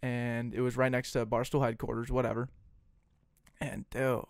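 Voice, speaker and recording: A young man co-hosting a podcast in casual chat, telling a story with lively acted-out phone calls. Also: mid-range voice, normal speed, vocal fry, clear, resonant tone, no room sound, clean studio sound. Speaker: podcast co-host.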